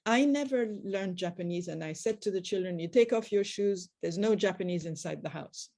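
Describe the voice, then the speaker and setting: A woman's voice: lowish voice, brisk, dark tone. An older woman telling family anecdotes on a group video call, often quoting past conversations. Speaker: guest.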